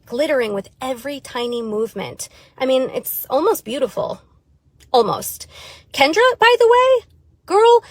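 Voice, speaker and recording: Husky, high-voiced sardonic woman. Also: no echo. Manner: sardonic, dark humor, conversational asides. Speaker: comedic crime scene cleaner character. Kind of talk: scripted comedic monologue.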